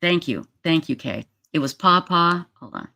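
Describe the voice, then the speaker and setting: Livestream host: gravelly, dry close sound, emotional and halting, casual chat. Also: medium pitch, animated, pushed and bright, no room sound. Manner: emotional, halting, many fillers. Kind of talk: casual livestream chat, reading comments aloud.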